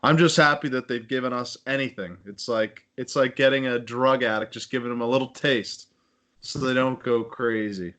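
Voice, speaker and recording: A man's voice: mid-range voice, fairly even intonation, moderate pace, a bit bright. A man chatting loosely about sports on a podcast, joking and trailing off. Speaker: podcast co-host. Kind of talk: casual chat.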